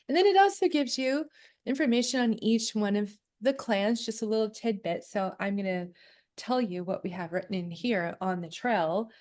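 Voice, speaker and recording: A woman with a mid-range, slightly mellow voice co-hosts a casual chat about clan history and family research. Chatty in manner, she often reads aloud from a booklet.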